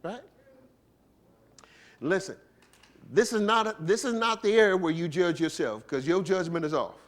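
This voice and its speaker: Preaching as a bishop, a high-voiced man speaks at a moderate pace, conversational and playful. He poses rhetorical questions to the congregation and laughs between his points.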